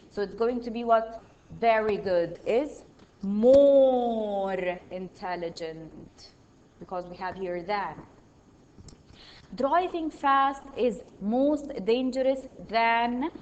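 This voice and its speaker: A woman's voice: on the high side, animated, takes it slowly, lo-fi sound, a little hiss or hum. A woman teaching a primary school English lesson, patiently reading out exercises and praising each answer. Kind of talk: online grammar lesson.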